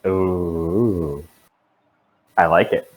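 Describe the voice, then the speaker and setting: A man's voice: low-pitched, drawn-out words, rough recording. A young man running a tabletop game as dungeon master, joking with his players.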